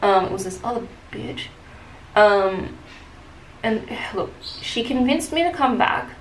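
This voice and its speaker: A woman's voice: fairly high pitch, slow pace. A young woman chatting casually while doing her makeup, telling a story with lots of fillers. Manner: chatty, many fillers, animated retelling. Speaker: beauty vlogger. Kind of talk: casual get-ready-with-me storytelling. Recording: echoey room with faint hiss.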